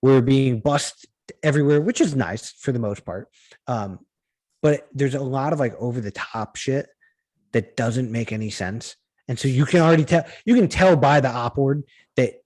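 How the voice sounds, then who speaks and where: A man's voice: mid-range voice, lively intonation, moderate pace, darkish tone. Profane ranting podcast co-host man. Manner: profane, ranting, rambling with restarts. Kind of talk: casual podcast banter.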